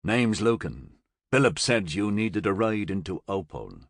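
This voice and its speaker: A man voicing a tough, gruff smuggler driver who talks blunt, curt and drawling. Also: fairly low pitch, sing-song, measured pace, no room sound, clean studio sound.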